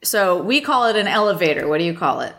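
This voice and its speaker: A woman's voice: fairly low pitch, big pitch swings, quick pace, a bit bright. An American woman co-hosting a podcast, chatting casually and laughing easily. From United States. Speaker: podcast co-host. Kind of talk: casual chat.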